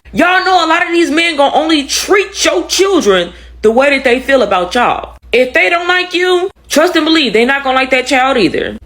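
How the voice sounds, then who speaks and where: A woman with a high voice that swings up and down a lot. She lectures the women watching directly, in a commentary video. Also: a bit bright.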